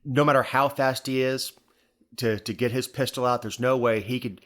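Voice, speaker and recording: A man's voice: mid-range voice, fairly even intonation, moderate pace, a bit bright. Wry man co-hosting a news podcast. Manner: dry, wry asides, repeats words when thinking. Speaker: podcast co-host. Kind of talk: casual news chat.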